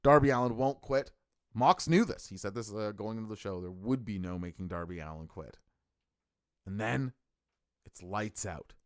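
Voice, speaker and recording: A man's voice: fairly low pitch, fairly quick, clean tone, no echo, clean studio sound. A middle-aged man hosting a live stream, reviewing a show in an enthusiastic, rambling way with lots of fillers and restarts. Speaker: wrestling stream host.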